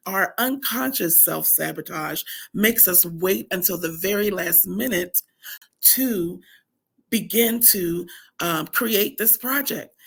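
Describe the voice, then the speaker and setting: Husky, gravelly-voiced woman teaching. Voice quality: deep, husky morning voice. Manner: earnest, emphatic repetition of lists. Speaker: speaker at a women's camp. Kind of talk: faith-based motivational teaching.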